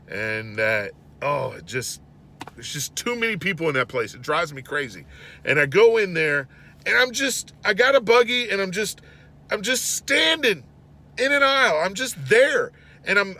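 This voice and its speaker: Bright, animated man telling stories. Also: high voice. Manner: animated, exasperated storytelling with rising outbursts. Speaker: host. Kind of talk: storytelling monologue.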